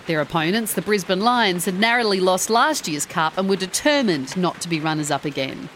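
Lively woman storyteller. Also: on the low side, fairly quick, a little hiss or hum. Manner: expressive, rising with excitement. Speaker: podcast host and narrator. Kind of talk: storytelling narration. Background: background music.

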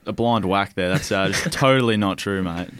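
Hesitant young Australian man, smooth voice. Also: sits low, fairly bright tone, no echo. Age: young adult. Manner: hesitant, full of pauses and fillers. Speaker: footballer guest. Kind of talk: casual podcast interview.

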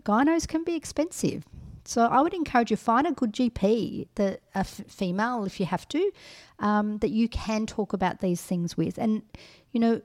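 Her voice is mid-range with a darkish tone. As a middle-aged podcast co-host, she offers blunt advice during a relaxed conversation, often saying um and starting sentences over.

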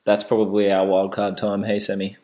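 A man's voice: on the low side, completely flat delivery, brisk, warm tone, a little hiss or hum, poor audio. A man co-hosting a casual sports podcast, joking and laughing, often repeating words as he goes. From Australia. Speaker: podcast co-host.

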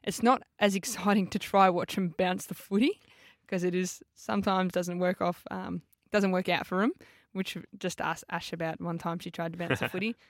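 A woman's voice: on the low side, fairly even intonation, normal speed, dry recording, clean studio sound. A young Australian woman, a footballer co-hosting a podcast, chatting casually with lots of fillers and easy laughs.

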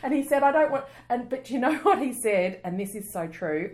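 Animated woman in casual chat. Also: a little high, normal speed. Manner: animated, laughs often, exaggerates for comic effect. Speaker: podcast co-host.

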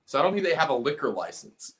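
A fast-talking man with a fairly high, sing-song, slightly bright voice, he's a South Carolina punk band's singer and guitarist. As a podcast guest he rambles through a story, cursing and restarting a lot.

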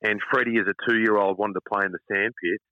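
A middle-aged man with an Australian accent, telling casual stories as an interview guest, animated and calling the listener mate. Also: lowish voice, quick pace, no echo. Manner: chatty, animated anecdotes, calls listener mate. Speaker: radio host, interview guest. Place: outdoors at front of his house. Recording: dull lo-fi dry line.

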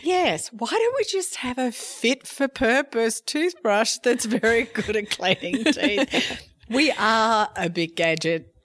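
A woman's voice: fairly high pitch, animated, takes it slowly, fairly bright tone. A woman co-hosting a podcast, chatting casually and laughing easily. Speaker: podcast co-host. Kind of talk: casual co-host chat.

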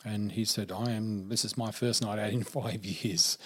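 Older male storyteller, husky, animated, plays all the quoted voices. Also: lowish voice, moderate pace. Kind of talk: personal storytelling.

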